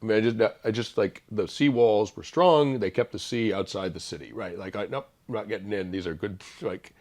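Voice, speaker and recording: Man, low-pitched, middle-aged, reflective interview guest, halting speech with fillers. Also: a little mellow. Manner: thoughtful, halting, many fillers and restarts. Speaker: author guest.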